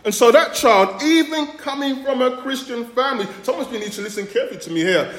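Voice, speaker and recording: A man from the Caribbean preaching a sermon as pastor, earnest, often restarting phrases and pausing to qualify his points. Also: very high voice, expressive, fairly bright tone, echoey room.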